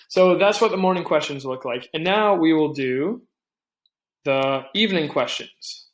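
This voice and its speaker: A young man hosting a casual tech tutorial, talking things through with asides and quick restarts. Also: a little high, animated, echoey room. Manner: chatty, thinks aloud with restarts and asides. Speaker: tech tips host. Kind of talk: casual screen-recorded tutorial.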